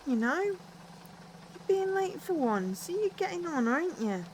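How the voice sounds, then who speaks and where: A woman's voice: very high voice, big pitch swings, normal speed, a little hiss or hum, pitched above the performer's own voice. A woman voicing a pushy, impatient bus driver in a game, brusque and bossy.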